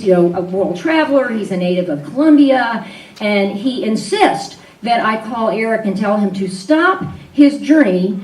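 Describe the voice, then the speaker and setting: A woman on stage in an arts venue, telling a personal story live, candid and conversational with frequent fillers. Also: on the high side. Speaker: storyteller and event host. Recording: roomy hall sound, voice from a distance.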